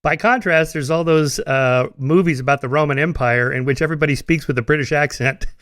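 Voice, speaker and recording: A man's voice: fairly high pitch, brisk, fairly bright tone, no room sound. A man hosting a podcast interview, asking casual, curious questions and giving short affirmations. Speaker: podcast host. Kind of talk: conversational interview.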